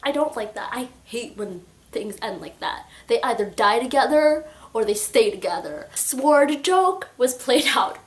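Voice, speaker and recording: A young adult woman chatting excitedly about a book in a casual vlog, full of filler words. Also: a little high, unhurried, hardly any pauses. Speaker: book reviewer.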